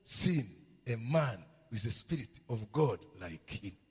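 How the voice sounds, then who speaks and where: Preacher as a humble royal cupbearer. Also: male voice, medium pitch, expressive, takes it slowly, husky, voice pushed down, exaggerated voice. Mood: earnest. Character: humble apologetic royal cupbearer, middle-aged man. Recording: long hall reverb.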